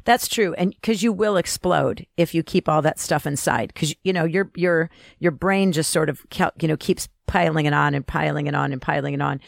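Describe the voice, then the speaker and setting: A woman co-hosting a talk show, chatting in an animated way and often repeating words as she goes. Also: low voice, moderate pace, creaky, few pauses, no echo. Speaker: co-host. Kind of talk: casual chat.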